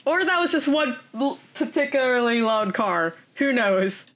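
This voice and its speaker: A woman with a higher voice tells a story from her home recording room. She talks in a casual, exasperated, chatty way. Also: expressive, unhurried, a bit bright. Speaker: podcast player. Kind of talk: casual chat.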